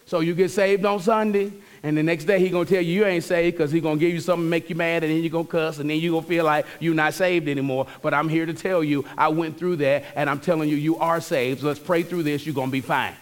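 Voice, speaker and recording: High-voiced man preaching a lively sermon. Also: fast, few pauses. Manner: preaching with dramatic quoted voices, playful asides. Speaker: pastor.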